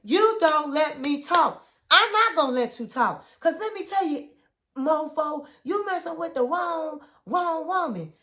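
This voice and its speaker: A woman acting out an angry young woman who shouts down her boyfriend and will not let him speak. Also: high-pitched, animated, unhurried, voice pushed up. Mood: angry, dismissive. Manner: loud, cutting in, dismissive.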